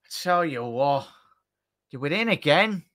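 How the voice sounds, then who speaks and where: A man hosting a live football watchalong, chatting to viewers and reacting excitedly to the play. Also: fairly high pitch, unhurried. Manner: excitable, chatty, addresses chat directly. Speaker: watchalong host.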